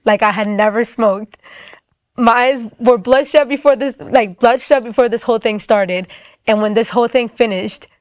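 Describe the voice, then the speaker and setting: A woman's voice: medium pitch, dry recording. Young woman telling her testimony, dry sound. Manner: casual, fast-paced, lots of "like", acts out quoted voices. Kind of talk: personal testimony storytelling.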